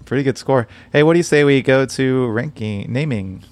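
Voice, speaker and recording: A man's voice: mid-range voice, moderate pace, faint music behind. A man co-hosting a casual podcast, joking and laughing often. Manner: playful, jokey, laughs often. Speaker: podcast co-host. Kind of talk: casual chat.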